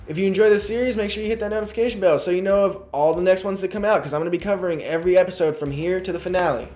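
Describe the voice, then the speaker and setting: A man recapping a TV episode in a casual, chatty way, full of fillers and growing excitement. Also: high-pitched, very fast, faint music behind. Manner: chatty, fills talk with "you know" and "like", grows excited. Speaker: YouTube show reviewer.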